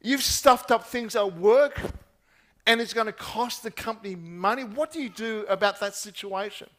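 A man preaching a sermon, asking repeated rhetorical questions and dropping his voice soft at key points. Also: high voice, normal speed.

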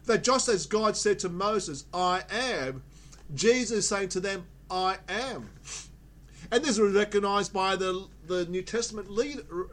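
High-voiced man preaching a sermon. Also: fairly bright tone. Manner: emphatic, repeats key words for stress.

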